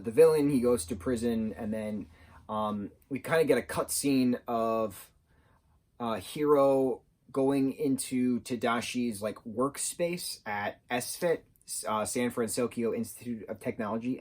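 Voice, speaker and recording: Enthusiastic rambling man reviewing a show. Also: medium pitch. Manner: enthusiastic, rambling with fillers and self-corrections. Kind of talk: casual review monologue.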